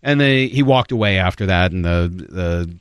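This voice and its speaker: A man hosting a sports talk show, chatting quickly and reading a news story aloud. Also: low voice, lively intonation, clear, resonant tone, no echo, studio quality. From Northeast United States. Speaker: show host.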